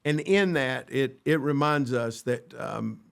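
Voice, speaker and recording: A man's voice: medium pitch, slow, gravelly. A man co-hosting a church podcast, talking earnestly about friendship and quoting scripture, with frequent restarts. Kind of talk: casual faith discussion.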